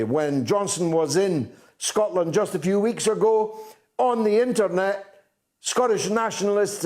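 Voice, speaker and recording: A man delivering a political commentary monologue as a talk show host, emphatic and deliberate, pausing often on "uh". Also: sits high, a little mellow. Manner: deliberate, emphatic, with frequent "uh" pauses.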